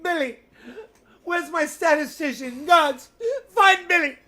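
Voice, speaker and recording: A man's voice: takes it slowly, heavily acted. A man putting on a frantic, theatrical voice, crying out in mock panic for a missing helper. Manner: shrill, shouting, mock-archaic, laughing while panicking.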